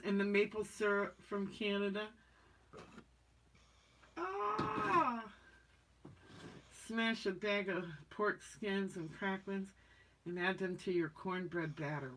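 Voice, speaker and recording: A woman's voice: medium pitch, fairly even intonation, unhurried, fairly bright tone, a little hiss or hum. A woman hosting a casual livestream, chatting folksily and reading viewer comments aloud. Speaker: livestream host reading chat. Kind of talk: casual live-stream chat.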